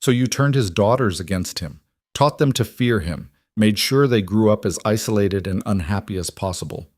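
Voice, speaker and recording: A man voicing a calm, firm young duchess in a storybook reading. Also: on the low side, normal speed, no room sound, studio quality, close to an everyday voice.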